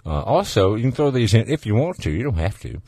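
A man's voice: on the low side, very animated, quick pace, warm tone, breathy edge, no echo. A man with a Southern US accent hosting a call-in radio show, folksy and easygoing, laughing often. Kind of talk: casual call-in radio chat.

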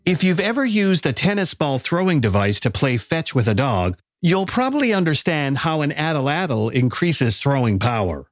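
Lively male documentary narrator. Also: a little high, normal speed, hardly any pauses, no echo, clean studio sound. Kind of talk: scripted narration.

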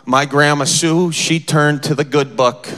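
A man's voice: fairly high pitch, fairly even intonation, measured pace, background noise. A man from the American Midwest doing a playful stand-up set on a theater stage, telling family stories and acting out his grandparents. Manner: storytelling, playful, acts out family members. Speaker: stand-up comedian. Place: theater stage with live audience.

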